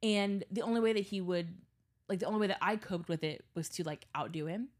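A young adult woman co-hosts a podcast, chatting casually and telling stories with plenty of swearing. She's animated and does voices for the people she describes. Her voice is mid-range and a little fast.

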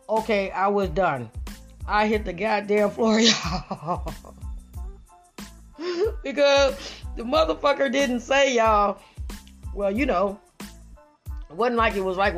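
A woman's voice: mid-range voice, measured pace, pauses often. Woman, middle-aged, casual commentary, profane, laughing, keeps saying y'all, faint music behind.

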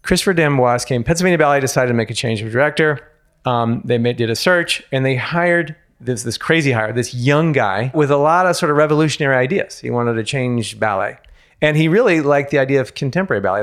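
A man, a former ballet dancer, telling a candid personal story in an interview, frank and self-mocking, with casual swearing and many restarts. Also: medium pitch.

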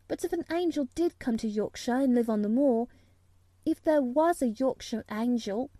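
A woman's voice: sits high, mellow, no room sound, voice pushed up. A woman voicing a stubborn, frank young girl in a storybook reading, with an earnest, blunt manner.

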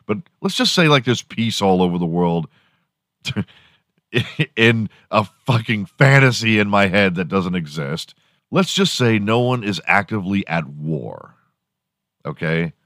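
A man hosts a casual comedy podcast, ranting with heavy swearing and frequent laughter. His voice sits fairly low, and the recording is dry and close to the mic with no room echo. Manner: profane, animated, laughs often. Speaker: podcast host.

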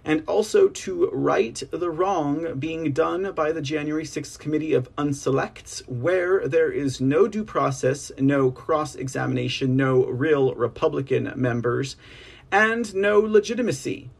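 A man hosting an online political news livestream, rambling casually, reading statements aloud and speaking to viewers as ladies and gentlemen. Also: fairly high pitch, a little slow, gravelly, breathy edge. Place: home setup on a slow connection.

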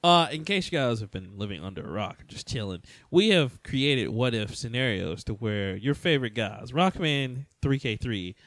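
Animated man in casual comedy banter. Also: normal speed, few pauses, no room sound. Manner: animated, laughs often, jumps into high-pitched bits. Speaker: podcast co-host.

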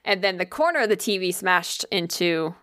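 A woman's voice: lowish voice, expressive, normal speed, a bit bright, clear, resonant tone, dry recording. A woman in casual chat tells a story with lots of swearing and acted-out quotes. Her voice is very dry and close, with no room sound around it.

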